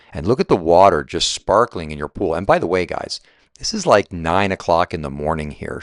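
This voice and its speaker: A man with a very low, deep voice leads a walking home tour, upbeat and chatty and quick to poke fun at himself. The sound is close and dry, with almost no room echo. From Southwest Florida resident. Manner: enthusiastic, chatty, self-deprecating, keeps saying right. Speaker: real estate agent giving a home tour. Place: walking through a house and outdoors by a pool.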